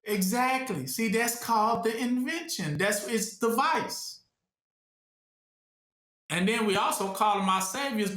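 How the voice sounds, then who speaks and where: A man's voice: high-pitched, bright, forceful tone. A man giving call-and-response Bible teaching, talking conversationally and asking rhetorical questions for his listeners to finish. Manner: conversational, repetitive preaching. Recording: roomy echo.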